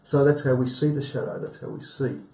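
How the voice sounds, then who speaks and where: A man with a dark, mellow voice talks earnestly as a guest on a live TV show. He rambles and repeats himself. The sound comes from a roomy, echoey studio. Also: medium pitch, brisk, creaky, recorded from a distance. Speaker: guest healer. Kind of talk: live TV chat.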